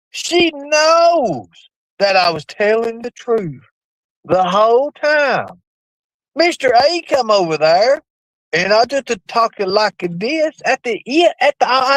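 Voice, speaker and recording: A man streaming live, rambling and swearing. His pitch swings widely, leaping up suddenly before dropping back. The voice sounds dry and close, with no room echo. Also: a bit bright. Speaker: livestream host. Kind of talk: profane rambling livestream chat.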